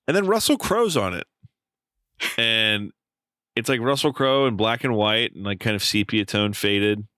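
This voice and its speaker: A man co-hosting a podcast, telling an animated story in casual chat, swearing freely and using lots of fillers. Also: fairly low pitch, a little slow, clean tone, no echo. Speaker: podcast co-host.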